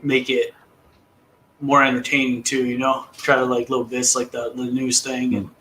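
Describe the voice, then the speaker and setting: A man's voice: mid-range voice, monotone, normal speed, pushed and bright, low-quality recording. A man hosting a casual live-stream chat, laid-back and rambling with fillers. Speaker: host.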